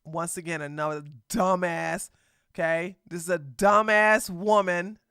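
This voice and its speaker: A woman giving reaction commentary in a clear, dry voice. She speaks slowly and sits a little high in pitch, blunt and sassy with frequent laughs. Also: steady tone, a bit bright, no room sound. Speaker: commentary host.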